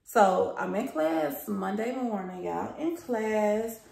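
A woman's voice: medium pitch, takes it slowly, gravelly, a little mellow. A young woman vlogger telling a story in casual chat, talking straight to her viewers and swearing freely. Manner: chatty and profane, addresses viewers as y'all. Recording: roomy echo.

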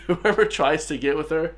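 A man's voice: fairly high pitch, unhurried, heavy background noise. Irish man chatting through a reaction video. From Ireland. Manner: chatty, laughs often, addresses viewers as guys and bro. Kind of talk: casual reaction commentary.

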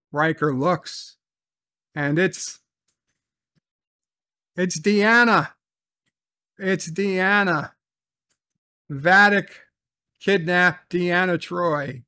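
A man with a bright, forceful, fairly high voice recaps and reviews a TV episode. He's unhurried, loops back to repeat phrases, and curses casually, all recorded close and dry.

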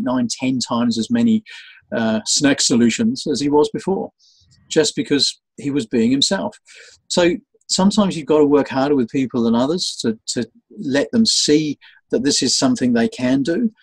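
A man's voice: medium pitch, breathy edge, no room sound, low-quality recording. A man being interviewed as a sales trainer, telling stories animatedly and acting out the voices of the people in them. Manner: animated storyteller, acts out quoted voices. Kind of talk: conversational interview.

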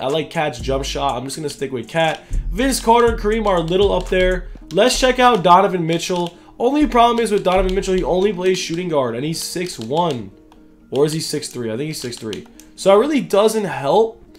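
A man's voice: sits high, expressive, brisk, faint music behind. A young man giving casual, slangy commentary over a video game, thinking aloud as he goes. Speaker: gaming YouTuber.

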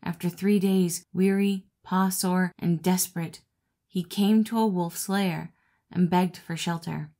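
A woman narrating a classic fable as an audiobook reader, in a steady, expressive reading voice. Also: on the low side, a little slow. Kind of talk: storybook narration.

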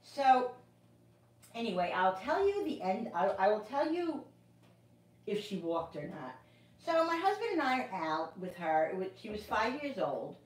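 Cooking on a livestream in her echoey home kitchen, a middle-aged woman tells a casual, rambling story, repeating herself and restarting often. Her medium pitch swings widely, her pace is measured, and she's far from the mic.

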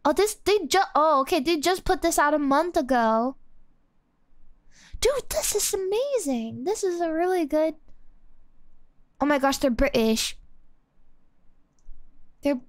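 Excitable young woman streamer with a high voice. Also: unhurried, pauses often, dry recording, studio quality. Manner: excitable, exclamatory, casual. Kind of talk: live music review stream.

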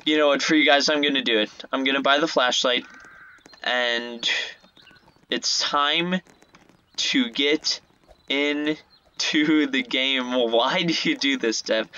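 A man hosting a gaming channel, giving rambling, excitable commentary as he plays, often repeating himself. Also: mid-range voice, highs cut off. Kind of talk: playthrough commentary. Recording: loud game music behind. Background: loud game music.

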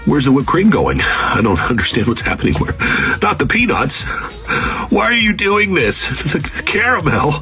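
A man's voice: a little high, wildly swooping pitch, normal speed, pushed and bright, soft background music. A man reacting in disbelief, laughing as he pleads. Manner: incredulous, laughing. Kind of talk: casual reaction.

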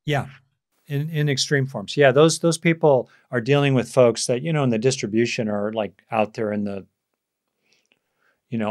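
A man teaching on a live video call, reflective and conversational, with frequent fillers and restarts. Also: fairly low pitch. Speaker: meditation teacher hosting a Q&A. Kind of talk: live online talk with questions.

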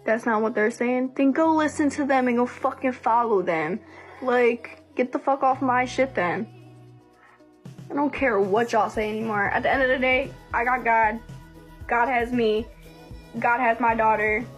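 Young woman, livestream host, blunt, heated, profane, fairly high voice, faint music behind. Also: normal speed. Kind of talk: casual livestream venting.

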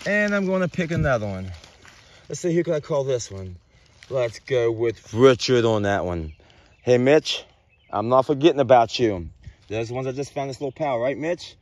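A man vlogging outdoors in the woods, rambling excitedly and joking as he goes. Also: mid-range voice, normal speed, lo-fi sound. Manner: excited, rambling, talks to mushrooms playfully. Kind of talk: casual outdoor vlog narration.

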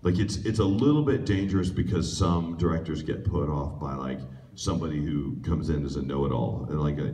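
Speaking in a warm bass voice, brisk and with few pauses, a voice actor jokes and rambles loosely on a convention panel, leaning on fillers. The recording comes from a distance in a big, echoey convention room.

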